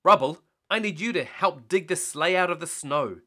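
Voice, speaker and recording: A man voicing a calm, confident boy who leads a rescue team, giving orders. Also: a little high, moderate pace, pitched above the performer's own voice. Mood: commanding.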